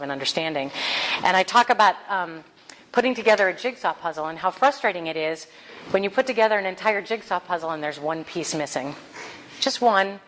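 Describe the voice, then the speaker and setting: Woman minister, lower voice, lively storytelling sermon with faint room noise. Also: poor audio. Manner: animated storytelling, acts out quoted voices.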